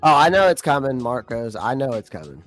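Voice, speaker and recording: A man's voice: medium pitch, big pitch swings, brisk, soft background music. A young man hosting a casual livestream, blunt and frustrated, laughing often, and losing his voice. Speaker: livestream host.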